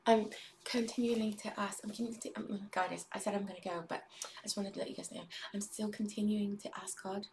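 A woman hosting a casual spiritual livestream, talking in a meandering, airy way with many likes and drifting into soft whispered prayer. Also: medium pitch, level tone, fairly quick, recorded from a distance, slight background noise. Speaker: livestream host.

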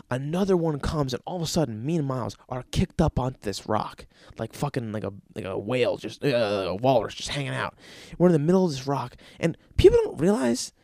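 Animated, foul-mouthed male podcast host. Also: a little high, no room sound, clean studio sound. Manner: profane, animated, ranting. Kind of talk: crude comedic storytelling podcast.

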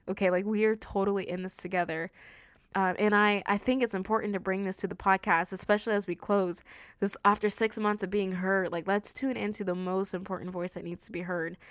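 A woman's voice: mid-range voice, clean tone, dry recording. A woman hosting a faith podcast, speaking in an earnest, tender and emotional way, often saying "like". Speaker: podcast host. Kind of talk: heartfelt faith podcast monologue.

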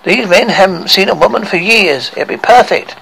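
A man's voice: high voice, moderate pace, gravelly, noisy background. A man reading a story aloud and voicing a cruel, gloating female villain queen with a theatrical, cackling manner.

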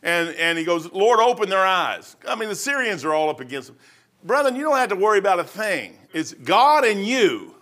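A middle-aged man preaches an informal, rambling sermon in a folksy way, rising now and then into loud, emphatic bursts. His voice is high, sing-song and brisk.

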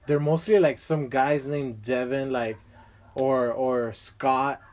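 A man's voice: mid-range voice, fairly even intonation, slow, darkish tone. A young man chatting casually as a guest, rambling with lots of fillers and slang. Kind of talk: casual chat.

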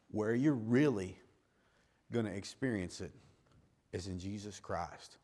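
A middle-aged man with a fairly low voice preaches a sermon. He sinks into slow, quiet words, then climbs to loud hollering.

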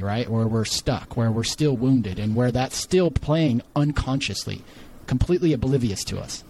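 A man's voice: mid-range voice, a little mellow, slight background noise, poor audio. A man guest on a podcast, earnestly explaining his views on relationships in long, winding, reflective phrases. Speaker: podcast guest, life coach.

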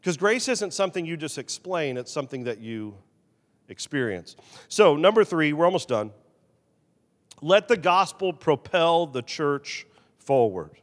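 A man preaching a sermon as pastor, animated, swinging between loud emphasis and quiet, confessional asides. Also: a little high, measured pace, in a large hall.

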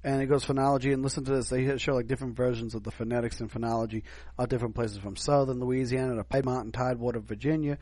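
A man with a New York accent hosting a podcast, talking through a rambling, animated solo commentary full of restarts and asides. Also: mid-range voice, fast talker, no echo. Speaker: podcast host.

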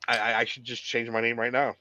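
A man's voice: medium pitch, flat delivery, fast talker, sharp tone, no echo. Laid-back man, dull dry sound. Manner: laid-back, rambling, swears freely. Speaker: podcast co-host. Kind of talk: casual wrestling chat.

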